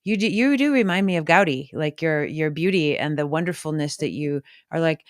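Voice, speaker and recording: A woman's voice: low-pitched, brisk, no echo, studio quality. A woman podcast host in a casual remote interview, gushing with enthusiastic praise.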